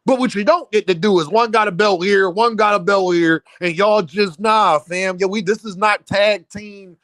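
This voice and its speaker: A man hosting a casual boxing commentary stream, heated and animated, often repeating himself and breaking into near-shouts. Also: sits high, normal speed, no echo. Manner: many restarts and repeated fillers.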